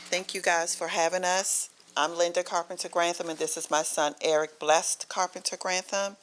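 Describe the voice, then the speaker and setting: A woman's voice: lowish voice, level tone, moderate pace. A middle-aged woman from Maryland giving heartfelt, emphatic remarks at a public board meeting, telling a story at a podium microphone. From Maryland, USA. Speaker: honoree's guest speaking at a county board meeting.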